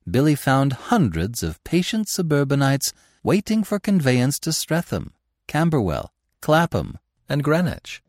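Brief: male audiobook narrator, dramatic and expressive, very lively pitch, dry close sound. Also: no room sound.

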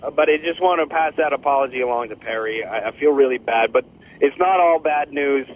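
A man voicing a rambling young guy who leaves a halting phone message about money and an injured tailbone. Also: medium pitch, lightly acted. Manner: rambling, halting, squeals at the end. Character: Terrifying Tim, a boastful young man leaving a phone message. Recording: tinny phone line.

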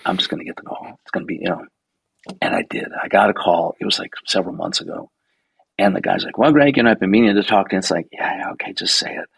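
This rough, dry, close-miked recording features a sixty-something guest photographer with a deep, gravelly, slightly husky voice. He rattles through anecdotes quickly and casually, swearing often and acting out quoted dialogue, with no room sound at all.

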